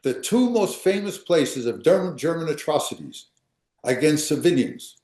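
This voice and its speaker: A man's voice: fairly high pitch, very animated, unhurried, darkish tone, echoey room. An older man, a history professor, lecturing emphatically and answering questions, often repeating and restarting phrases.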